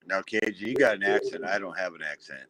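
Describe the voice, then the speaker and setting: A man's voice: low-pitched, fast talker, crowd noise, low-quality recording. A man with a West Coast American accent, teasing and joking with the host during a casual livestream chat. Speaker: regular guest.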